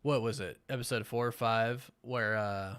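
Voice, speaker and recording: A man's voice: medium pitch, steady tone, clear, resonant tone. Tired, rambling male stream host. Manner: rambling, halting with many fillers and restarts; enthusiastic, warmly thanks viewers. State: tired, yawning late at night. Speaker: host of a live watch party stream. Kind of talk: casual live-stream chat.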